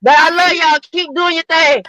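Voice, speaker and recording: A woman calling into a show over a Bluetooth headset, rambling excitedly and cursing. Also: very high voice, no echo, low-quality recording. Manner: rowdy, excited, profane, fast rambling. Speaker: caller. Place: car, outdoors near smoking area.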